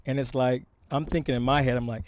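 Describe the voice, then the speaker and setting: A man's voice: medium pitch, fairly even intonation, quick pace, no room sound. A man from Louisiana with a Southern accent, chatting loosely as an interview guest, rambling with lots of "uh" and "you know.". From Shreveport, Louisiana. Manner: rambling, filler-heavy, easygoing. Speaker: guest, apparel brand founder. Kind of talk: casual interview chat.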